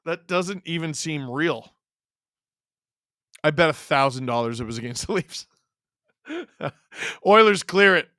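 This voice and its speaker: A man calls a game live as he watches, his high, sharp voice jumping into shouts when a big chance comes. He talks in an excitable, running stream of play-by-play. The sound is dry and close, with no room echo. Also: unhurried, pauses often.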